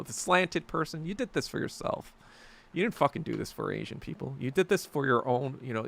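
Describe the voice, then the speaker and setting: Gravelly, sharp-voiced ranting male podcast host. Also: medium pitch. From New York. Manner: rambling, profane, sarcastic ranting. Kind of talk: casual livestream chat reading viewer comments.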